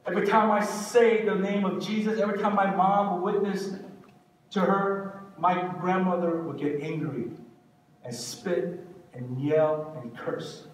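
A man's voice: sits high, level tone, measured pace. A man, a pastor, preaching a sermon with an earnest, repetitive cadence. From Korea. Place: church sanctuary. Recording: echoey hall, distant mic, faint hiss.

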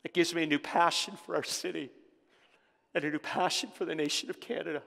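A male pastor preaching to his congregation in a bright, forceful, slightly high voice. He builds fervor and calls out to the room. A long church-hall reverb trails his words. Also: fairly even intonation, fairly quick, creaky. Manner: preaching with rising fervor and call-outs to the congregation. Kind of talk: sermon. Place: church sanctuary.

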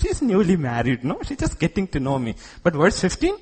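A middle-aged man from India preaching a sermon in church, acting out God's words and shifting from hushed tones to loud outbursts. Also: high voice, huge pitch swings, a little fast, slightly rough. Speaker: pastor.

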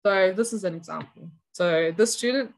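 A woman's voice: mid-range voice, moderate pace, vocal fry, low-quality recording. A woman giving a conference talk, explaining cloak weaving step by step as an education analogy. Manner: explanatory, walks through a cloak sample step by step. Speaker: educator presenter. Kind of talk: conference presentation.

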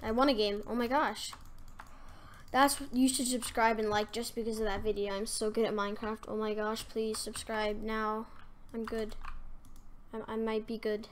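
A woman doing casual, self-mocking commentary over a game, excitable and prone to sudden gasps and yelps. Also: a little high, normal speed, a little hiss or hum. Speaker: gaming commentator.

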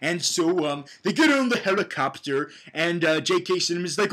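High-voiced young man rambling a movie recap. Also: expressive, normal speed, few pauses, fairly bright tone. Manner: rambling, many fillers and stammered restarts. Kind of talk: casual comedic movie recap.

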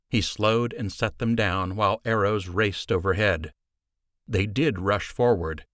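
Here's a low-voiced man reading an audiobook aloud, his delivery even and measured as he tells the story from a script. The sound is clean studio audio with a dry character.

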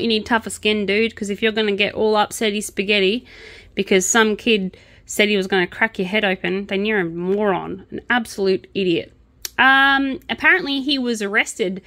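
A woman's voice: medium pitch, a bit bright, no echo. Woman crochet vlogger, chatty, snarky jokes, medium voice. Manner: sarcastic, chatty, joking. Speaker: crochet and true crime vlogger. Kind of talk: casual chat while crocheting.

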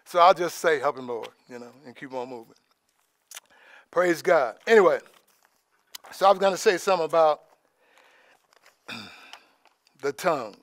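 A man giving an informal, conversational sermon as preacher, dropping in praise asides and trailing off softly. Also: on the high side, normal speed, pauses often. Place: church in Alaska.

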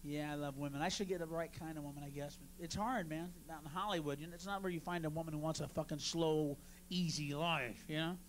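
A man doing a stand-up routine on a club stage, brash and profane, working the crowd and bursting into shouts. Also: a little high, fairly even intonation, fast talker, slight background noise. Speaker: stand-up comedian.

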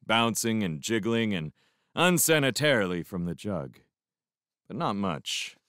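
Low, animated male audiobook narrator. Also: smooth, no echo, clean studio sound. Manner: expressive reading with reflective pauses. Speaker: fan audiobook reader. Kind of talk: first-person audiobook narration.

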